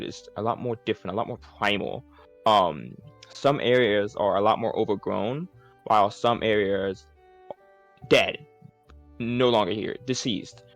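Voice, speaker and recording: A man's voice: on the low side, gravelly. A man giving a casual, rambling recap of a tabletop game session, full of fillers and swearing. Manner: rambling, profane, lots of fillers.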